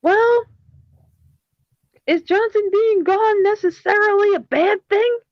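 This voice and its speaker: A woman's voice: very high voice, slow pace, no echo, lo-fi sound. A woman co-hosting a casual chat, blunt and sarcastic, swearing freely. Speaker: co-host.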